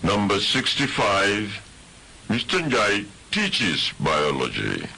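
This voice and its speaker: A man reading out numbered items on a listening test in a slow, deliberate way. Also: fairly low pitch, huge pitch swings, creaky, sharp tone, slightly rough. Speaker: test recording announcer. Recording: hissy recording.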